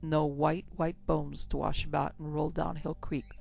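A woman's voice: flat delivery, a little slow, vocal fry, heavily acted. Woman doing a cold, menacing outlaw man. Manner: low, quiet and menacing. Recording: dull lo-fi with faint music.

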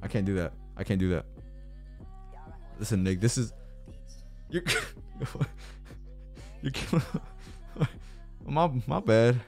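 A young man livestreaming, chatting casually to his viewers and swinging between yelled rants and low mumbling. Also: animated, takes it slowly, pauses often, soft background music.

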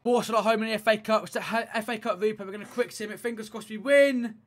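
A young man giving play-by-play commentary on his own football video game, swinging between low grumbling and shouted excitement. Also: fast. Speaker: gaming YouTuber playing football career mode.

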